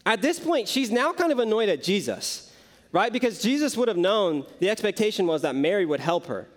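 A young youth preacher gives a casual sermon in a high-sitting voice with big pitch swings, talking fairly quickly. He tells the story conversationally, peppering it with frequent "like" and "right?" asides to the listeners.

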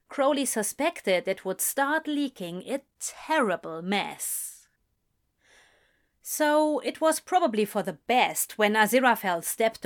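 A woman reading fan fiction aloud in calm, measured narration. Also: medium pitch. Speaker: reader.

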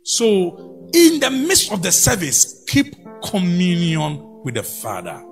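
A man preaching a sermon in a church, swinging between loud exclamations and low murmurs. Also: huge pitch swings, slow pace, soft background music.

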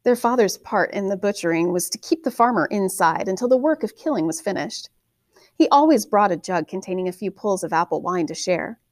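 A woman narrating a fantasy novel in a steady, measured storytelling manner. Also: mid-range voice, no room sound. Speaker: audiobook narrator.

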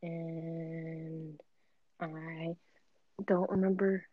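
A woman's voice: low voice, little pitch movement, drawn-out words, slight background noise. A young woman co-hosting a casual podcast chat, easygoing and hesitant, talking through earbuds. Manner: easygoing, hesitant, filler-heavy. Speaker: podcast co-host. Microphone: AirPods. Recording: dull, dry earbud mic sound.

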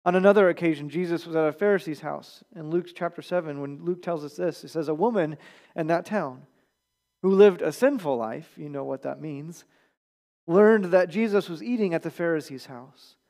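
Male pastor, higher-pitched voice, conversational sermon with soft phrase endings. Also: normal speed. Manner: conversational preaching, quiet at phrase ends. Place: church.

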